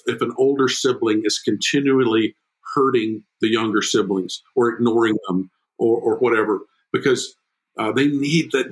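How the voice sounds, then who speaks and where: A middle-aged man talking as a podcast guest about fatherhood, emphatic and prone to repeating words, with his pitch jumping up when he gets excited. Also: rough recording. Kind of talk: animated conversational podcast talk.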